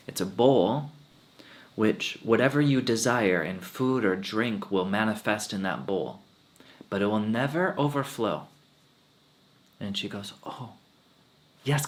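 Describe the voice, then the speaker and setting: A man who is a monk and spiritual teacher, telling a story at a satsang in an animated, emotional way. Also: fairly low pitch.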